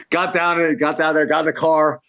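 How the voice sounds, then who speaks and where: A man's voice: a little high, level tone, normal speed, pushed and bright, clear, resonant tone. A middle-aged man, a lighting designer and guest, telling a tour story in a casual way, acting out quotes and laughing often, over a video call from his home.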